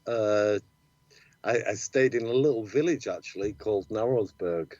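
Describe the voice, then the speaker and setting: A man's voice: lowish voice, normal speed, darkish tone, no echo. An Englishman guest in casual chat, rambling and repeating himself, laughing easily. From England. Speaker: musician guest. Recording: dull lo-fi sound.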